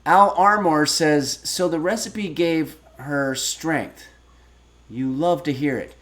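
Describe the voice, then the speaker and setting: A man in his fifties hosting a casual cooking livestream, reading viewer messages aloud and answering with deadpan, rambling stories. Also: on the high side, slow. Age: 50s. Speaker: streaming cooking show host.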